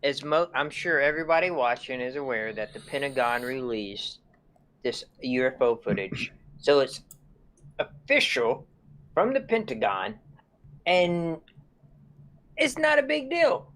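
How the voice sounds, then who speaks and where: A man's voice: medium pitch, very animated, measured pace, a bit bright. A man co-hosting a gaming podcast in casual chat, laid-back and peppered with "dude" and "man". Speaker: podcast co-host.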